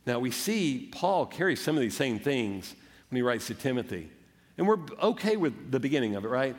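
A man's voice: mid-range voice, sing-song, a little fast. A man preaching a sermon as a pastor, earnest and conversational, acting out the quotes. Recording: echoey hall.

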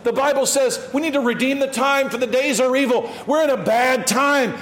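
A male pastor preaching an impassioned sermon, shouting at peaks and dropping to quiet asides. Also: very high voice, moderate pace, roomy sound.

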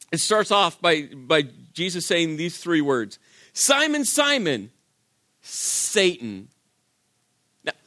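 A man's voice: high-pitched, a bit bright, no echo, studio quality. A male pastor preaching a sermon in a conversational, emphatic way, asking rhetorical questions.

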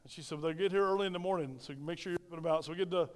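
A man's voice: fairly high pitch, fairly even intonation, rapid-fire, clean tone, in a large hall. A middle-aged male pastor preaching a sermon into a microphone in a church, telling stories, repeating phrases and asking the congregation questions. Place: church sanctuary. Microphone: handheld microphone.

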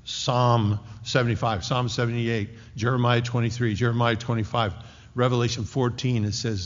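A man preaching a sermon with a dramatic delivery, rising to loud declarations and dropping to hushed tones. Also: mid-range voice, little pitch movement, normal speed. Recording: dull lo-fi recording in a reverberant hall.

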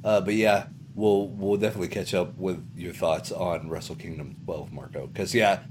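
A man hosting a casual podcast chat, easygoing and quick to laugh, with lots of fillers. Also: low-pitched, fairly even intonation, background noise. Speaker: podcast host.

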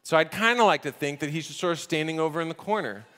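Guy preaching from a church stage, chatty and animated, kinda high voice, lots of hall echo. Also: quick pace. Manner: conversational and animated, acting out the scripture scenes. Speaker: pastor. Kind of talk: sermon. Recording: echoey hall reverb.

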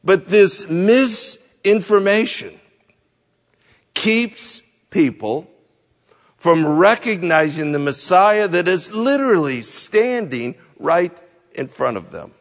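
Slow-speaking male pastor in a reverberant hall. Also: high-pitched, very animated. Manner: explains verse by verse, rhetorical questions. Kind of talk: expository sermon.

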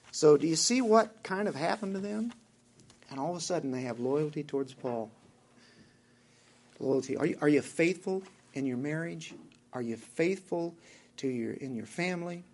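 A man's voice: a little high, slightly rough. A man with a Southern US accent who preaches a sermon as pastor, asking his congregation direct questions.

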